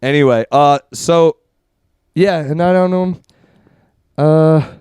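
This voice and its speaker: A man co-hosting a podcast, rambling through loose, laughing stories with plenty of casual swearing. His voice is smooth and clear and sits in a middle register. The sound is dry and close. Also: on the high side, slow, darkish tone, no room sound. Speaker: podcast co-host. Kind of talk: casual chat.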